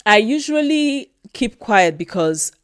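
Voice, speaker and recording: A woman talking casually and emotionally about a film she loves, slowly repeating her phrases. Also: a little high, very animated, clean tone, no echo, studio quality. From Europe. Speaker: film review vlogger. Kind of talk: casual film review vlog.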